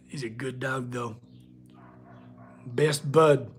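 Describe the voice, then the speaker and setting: A man's voice: fairly high pitch, lively intonation, normal speed, soft background music. A man hosting a casual livestream from his workshop, chatting with viewers and talking to his dog. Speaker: blacksmith livestream host.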